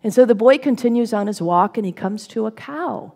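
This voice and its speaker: Gravelly-voiced woman minister preaching. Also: on the high side, animated, brisk, mellow. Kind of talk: sermon with guided storytelling.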